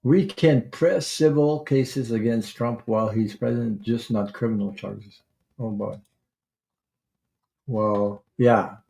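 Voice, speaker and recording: Slow, mellow-voiced livestream host. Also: male voice, medium pitch, steady tone, gravelly. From Canada. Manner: rambling, halting, greets viewers warmly by name. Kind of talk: casual livestream chat.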